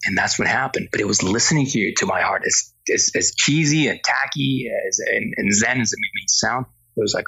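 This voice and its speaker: A man from Spain, a podcast guest, tells his story in an earnest, reflective way, stumbling over repeated words. His voice is gravelly and husky with a bright edge. The recording sounds dull and lo-fi. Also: on the low side, normal speed, few pauses. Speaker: podcast guest, television producer. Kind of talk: casual interview storytelling.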